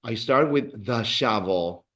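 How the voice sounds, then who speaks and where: A man's voice: on the low side, animated, slow, fairly bright tone. A man teaching a beginner Spanish class, patiently repeating words for drills and encouraging his students. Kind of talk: classroom language lesson.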